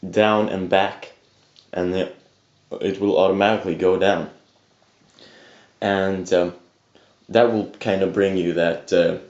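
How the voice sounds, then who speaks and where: A young man with a low, unhurried voice explains growl technique in a loose, rambling way, stopping often to restart his sentences. He has just woken up. His camera mic gives a dull, roomy sound. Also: fairly even intonation, darkish tone. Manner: rambling, hesitant, many fillers and restarts, swears casually. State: just woke up. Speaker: vocal tutor. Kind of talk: casual webcam tutorial. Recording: echoey lo-fi home webcam audio.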